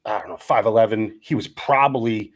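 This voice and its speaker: A man around fifty from Wisconsin, co-hosting a podcast and telling stories in a casual, animated way, acting out the dialogue as he goes. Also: lowish voice, a little fast. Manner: animated storyteller, acts out quoted dialogue. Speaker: podcast co-host, former college lineman. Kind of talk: casual storytelling chat.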